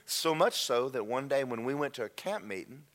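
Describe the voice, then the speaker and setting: A man preaching a sermon, telling an emotional testimony that drops to near-whispers and then rises loud. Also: mid-range voice, lively intonation, normal speed. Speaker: pastor.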